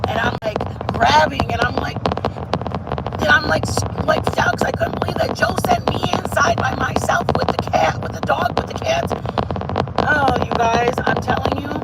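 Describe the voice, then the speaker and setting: A woman telling a story in casual live-stream chat, animated and rambling, exclaiming often. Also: sits high, moderate pace, loud music behind the voice, rough recording. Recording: loud car noise behind voice.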